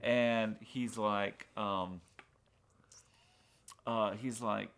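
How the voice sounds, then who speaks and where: A man's voice: medium pitch, unhurried, a bit bright. A man casually recapping a TV pilot, rambling with fillers and acting out bits of dialogue. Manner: rambling retelling full of fillers, acting out lines from the show. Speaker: podcast co-host reviewing a TV pilot. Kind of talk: casual chat.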